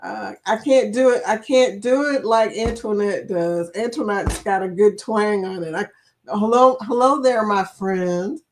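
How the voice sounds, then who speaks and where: A woman's voice: medium pitch, moderate pace, hardly any pauses, a little mellow. Chatty middle-aged woman livestream host. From Kentucky, USA. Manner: chatty and rambling, laughs often, reacts to chat comments. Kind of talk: casual chat reading viewer comments.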